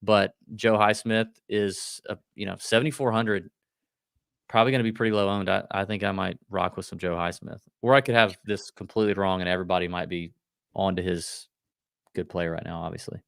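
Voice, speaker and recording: A man with a low, gravelly voice co-hosts a golf betting show. He talks quickly and loosely and cracks jokes. The sound is dry and close, with no room around it. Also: fairly even intonation, a bit bright, no room sound. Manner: quick, loose, joking delivery. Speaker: podcast co-host. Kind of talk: casual golf betting chat.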